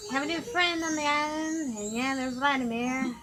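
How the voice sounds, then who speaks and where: A woman's voice: high voice, measured pace, rough recording. A young woman giving casual, sarcastic gameplay commentary, laughing often. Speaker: gaming channel host. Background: game music.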